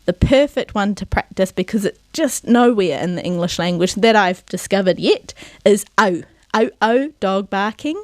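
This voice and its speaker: A woman presenting a televised pronunciation lesson, sounding out vowels slowly and carefully and checking in with her viewers. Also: medium pitch, no room sound. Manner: encouraging, asks "yeah?" to check in. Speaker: Māori language presenter.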